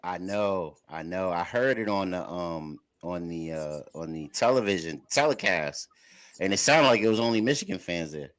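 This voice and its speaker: Lively, encouraging male show host. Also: low-pitched, normal speed. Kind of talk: casual chat.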